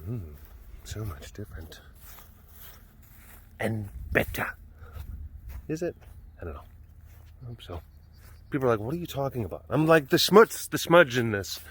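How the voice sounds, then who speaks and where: A man's voice: medium pitch, sing-song, moderate pace, long pauses, fairly bright tone, breathy edge. A man hosting a casual vlog at an outdoor animal compound, chatting playfully and cooing baby talk at the cats. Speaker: host.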